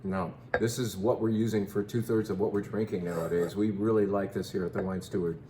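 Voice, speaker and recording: A man's voice: low voice, steady tone, a little fast, warm tone, roomy sound, a little hiss or hum. A man in his fifties hosting a casual wine tasting, chatting playfully and joking about how to pronounce names. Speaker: wine shop host.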